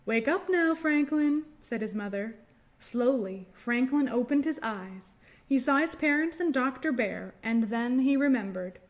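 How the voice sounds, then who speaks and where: A gentle, encouraging woman librarian leads a children's storytime, reading aloud and walking little ones through finger rhymes in a sing-song way. Her voice sits fairly high and she takes her time with every phrase. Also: animated, a little slow.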